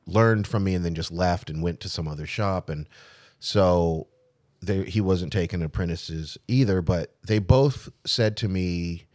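A middle-aged man, a tattoo artist, telling his own story in a casual interview, animated and acting out the people he quotes, with frequent restarts. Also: deep voice, unhurried, no echo, studio quality.

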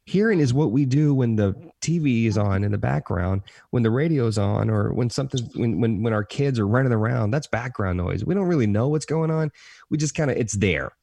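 Podcast guest: earnest, emphatic man with a gravelly, warm voice who repeats his points for weight. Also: medium pitch, animated, a little fast, dry recording. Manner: self-described positive motivational talker. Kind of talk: personal storytelling in a podcast conversation.

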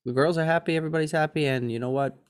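Animated storytelling man. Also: fairly high pitch, very fast, smooth. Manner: animated storytelling, mimics others' voices. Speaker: podcast co-host. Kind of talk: casual chat.

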